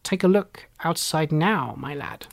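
A kindly old elf elder, leader of his folk, speaking slowly and with patient care in a children's storybook, as the reader puts him on. His voice sits a little higher than the reader's own and comes out measured and instructive. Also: expressive, creaky. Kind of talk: storybook read-aloud.

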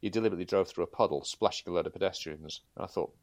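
A middle-aged man recounts police stories in a measured, dry way. His voice is very low, with occasional hesitations. The sound is close and dead dry. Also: steady tone, gravelly, no echo. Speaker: guest, former police sergeant. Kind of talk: anecdotal storytelling.

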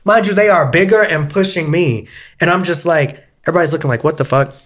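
A man's voice: on the high side, fast, fairly bright tone. A young man co-hosting a podcast, telling a story in casual chat, dramatic and profane, acting out the voices of the people he quotes. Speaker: podcast co-host.

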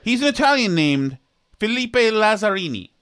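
Man, podcast co-host, high-pitched, very lively delivery, sarcastic, incredulous. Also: moderate pace, clear, resonant tone. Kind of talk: casual comedic chat.

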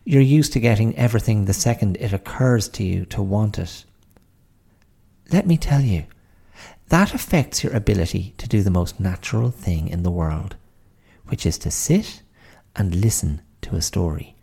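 A man voicing a sharp-tongued, sarcastic elderly woman with an Irish accent. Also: on the low side, lively intonation, normal speed, gravelly, slightly rough, exaggerated voice. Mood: sardonic. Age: older. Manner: dry, sarcastic.

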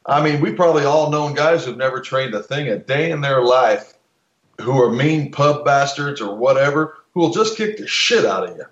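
A man's voice: medium pitch, expressive, normal speed, reverberant, muffled recording. A man in casual podcast talk, blunt and opinionated, swearing freely and restarting his sentences.

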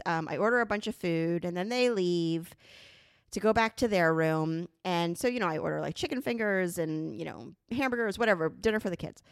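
A middle-aged woman on a podcast, telling a funny story in an animated, casual way and swearing freely. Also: fairly low pitch, smooth, dry recording, studio quality. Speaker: podcast co-host.

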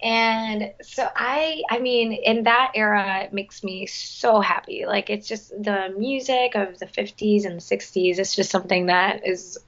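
A woman's voice: mid-range voice, steady tone, a little slow, few pauses, fairly bright tone. Young woman chatting away, lots of likes and you knows, kinda muffled sound. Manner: chatty, lots of fillers and restarts. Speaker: guest, musical theater performer. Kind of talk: casual chat.

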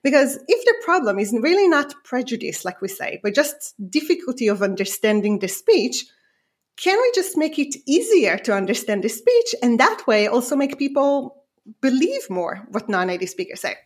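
Woman w/ a non-native accent explaining her research, bit high, really bouncy pitch. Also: very animated, normal speed. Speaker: researcher guest. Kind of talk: interview explanation.

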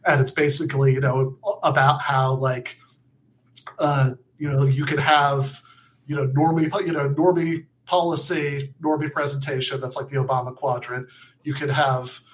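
A man's voice: medium pitch, level tone, normal speed, rough recording. Man hedging through political talk. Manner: hedging, conversational, many "like" and "you know". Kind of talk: casual political discussion.

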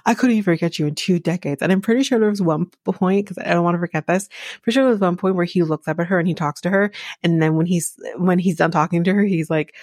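A woman's voice: fairly low pitch, quick pace, darkish tone, dry recording, studio quality. Blunt, exasperated woman podcast host. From Jamaica. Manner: blunt, exasperated and sarcastic, swears freely, laughs often. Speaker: podcast host recapping a reality show. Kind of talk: casual commentary.

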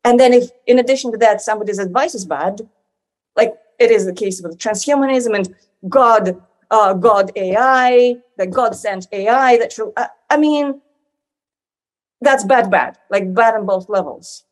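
Higher-voiced woman rambling in conversation. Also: normal speed. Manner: rambling, many "like" fillers and restarts. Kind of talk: conversational interview talk.

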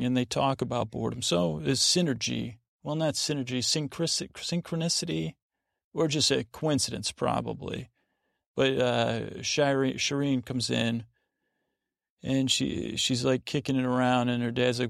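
Male podcast host, heavy vocal fry, mid pitch; meandering bedtime monologue full of asides and restarts. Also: steady tone, normal speed, no echo, clean studio sound. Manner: meandering, digressive, with many fillers and self-corrections. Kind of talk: rambling bedtime podcast recap.

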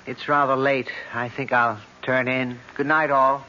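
An actor playing a wry cousin in a 1970s radio drama, speaking in a measured, storytelling way. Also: male voice, medium pitch, little pitch movement, bright, forceful tone. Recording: dull old radio broadcast with light hiss.

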